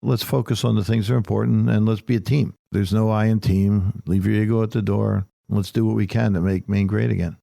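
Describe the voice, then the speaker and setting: Gravelly older man, folksy storyteller. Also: lowish voice, fairly even intonation, a little fast, few pauses, dark tone, no echo, clean studio sound. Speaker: political candidate, guest. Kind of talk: casual interview storytelling.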